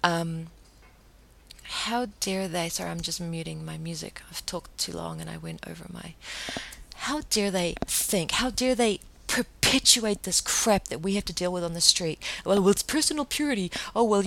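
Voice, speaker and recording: A woman with a fairly low voice hosts her own podcast on her own. She rants with emphatic indignation and keeps firing off rhetorical questions. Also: gravelly. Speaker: podcast host. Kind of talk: solo podcast rant.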